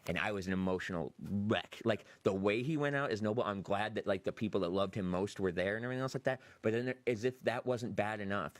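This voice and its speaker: A man hosting a podcast, excitedly retelling a film's scenes and acting out the quotes. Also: lowish voice, fast talker, few pauses, no room sound. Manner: animated retelling, acts out quotes. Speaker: podcast host. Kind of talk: excited movie review chat.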